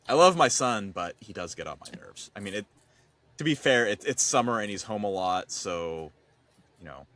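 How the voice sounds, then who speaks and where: A man co-hosting a podcast, chatting casually with animated, expressive swings in his delivery. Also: deep voice. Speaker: podcast co-host. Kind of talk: casual chat.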